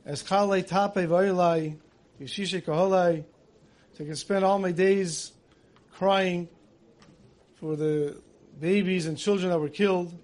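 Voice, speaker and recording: A man giving a Tisha B'Av style sermon, telling a parable and acting out the dialogue, then slowly chanting lament verses. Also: sits high, steady tone, a little mellow. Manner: storytelling, acts out dialogue in voices. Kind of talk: sermon with storytelling.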